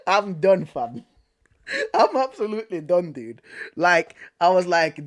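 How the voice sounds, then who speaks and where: A young British man from Manchester, a vlogger telling a story in a casual, animated way, repeating himself and using slang. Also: sits high, takes it slowly, pauses often. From Manchester, England. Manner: animated, repetitive, slangy retelling.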